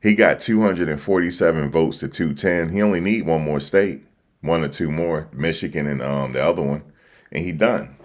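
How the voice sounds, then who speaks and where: A man's voice: extremely low pitch, normal speed. A man with an East Coast accent hosting a casual livestream, reacting to the news in slangy, repetitive chat. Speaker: livestream host reacting to election results. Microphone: desk microphone.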